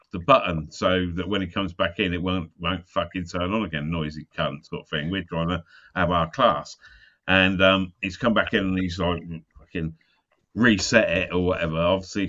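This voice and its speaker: A man's voice: low voice, pushed and bright. A man rambling through school memories in a casual chat, laughing and swearing as he talks. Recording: muffled sound.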